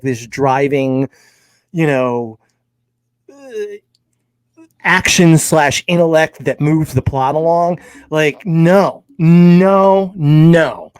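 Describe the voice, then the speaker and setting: A man's voice: fairly high pitch, darkish tone, no echo. A man co-hosting a casual film debate, blunt and emphatic, laughing at his own jabs. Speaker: co-host and film critic.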